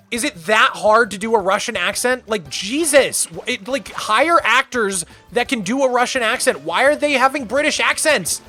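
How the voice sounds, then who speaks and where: A man in his thirties rambles animatedly through casual live-stream chat, filling every line with "like." His high, lively voice is bright and a little sharp, moving at a normal speed with few pauses over faint game music.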